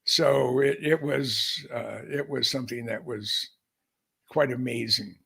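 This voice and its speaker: A man's voice: mid-range voice, slow pace, vocal fry, fairly bright tone, slightly rough. An older man, a podcast guest, telling a long story in a folksy, rambling way with many restarts. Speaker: podcast guest, aviation historian. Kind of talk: storytelling in casual conversation.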